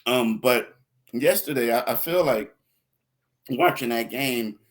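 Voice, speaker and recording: A man's voice: mid-range voice, slow. A man co-hosting a sports podcast, talking in a loose, rambling way with repeated words and some laughter. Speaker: podcast co-host. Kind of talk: casual sports podcast talk.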